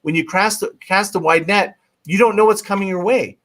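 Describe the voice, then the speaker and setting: A man with a fairly high voice speaks as an interview guest coaching on marketing. He is emphatic and almost pleading. He cuts himself off and restarts, and he drops the occasional swear word for force. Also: moderate pace, fairly bright tone. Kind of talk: casual livestream interview.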